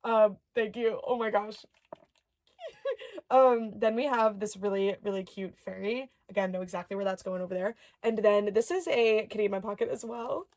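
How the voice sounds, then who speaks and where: A young adult woman, a doll collector YouTuber, unboxes dolls and toys while chatting casually at medium pitch and normal speed. She's excitable, gasping and murmuring soft asides as she goes.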